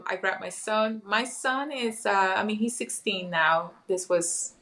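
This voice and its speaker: A middle-aged woman tells a personal story as a guest on an interview show. Her delivery is lively and conversational, and she slips into the voices of the people she quotes. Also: mid-range voice, a little slow. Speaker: hypnotherapist guest.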